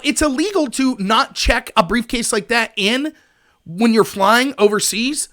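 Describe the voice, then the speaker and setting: A man hosting a political commentary livestream, talking in an animated, sarcastic, ranting way. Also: very high voice. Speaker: host.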